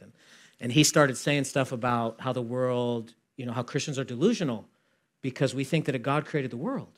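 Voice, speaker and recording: A man preaching a sermon as pastor, conversational and animated, acting out both sides of a dialogue and swinging from loud emphasis to hushed asides. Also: medium pitch, fast talker.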